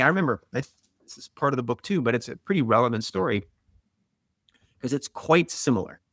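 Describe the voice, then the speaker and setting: Middle-aged man, gravelly edge, dry close sound; chatty storyteller, lots of "like.". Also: mid-range voice, no room sound. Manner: animated, quick, with many "like" and "right?". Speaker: guest, author and marathoner. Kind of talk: conversational storytelling.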